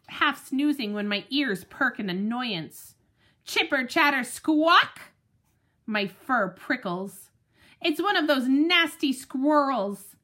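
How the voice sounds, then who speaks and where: A woman reading a children's storybook aloud with animated, dramatic expression, telling it as the dog. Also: sits high. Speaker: audiobook narrator.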